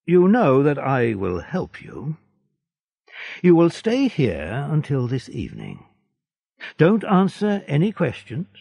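A man's voice: on the high side, wildly swooping pitch, slow pace, vocal fry, darkish tone, no room sound, voice pushed up, full character voice. Man reading as a stern, secretive judge. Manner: commanding, clipped orders.

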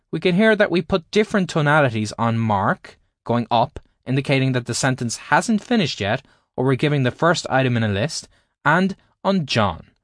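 Male author-narrator, audiobook read, explanatory and measured, very animated pitch, dry close sound. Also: dry recording. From Ireland. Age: adult, at least 20s. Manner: explanatory, carefully paced teaching delivery. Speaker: author reading his own book.

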